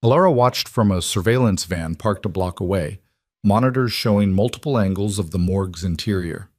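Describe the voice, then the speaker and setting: Calm, low-voiced male story narrator. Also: brisk, dry recording, studio quality.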